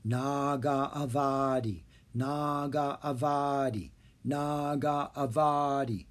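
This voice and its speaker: A reader putting on two entranced twin children in a storybook, chanting slow and flat. The voice is hollow and monotone. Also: mid-range voice, voice pushed up.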